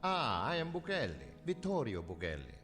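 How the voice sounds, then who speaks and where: A haughty Italian tourist with a swooping voice. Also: male voice, on the high side, huge pitch swings, brisk, fairly bright tone, heavily acted. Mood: evasive. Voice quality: clipped, dismissive. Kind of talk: video game voice acting. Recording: reverberant game audio with music.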